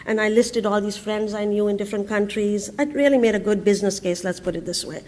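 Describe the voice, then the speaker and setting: A woman, telling a humorous story on a conference stage in a lively way, with laughs, restarts and fillers. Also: medium pitch, quick pace. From India. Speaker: entrepreneur giving a conference talk. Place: conference stage before an audience.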